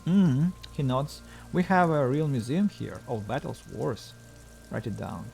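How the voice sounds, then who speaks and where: A man's voice: mid-range voice, expressive, a little slow, creaky, darkish tone, slight background noise. A male streamer reading a video game's text aloud, with wry asides between the lines.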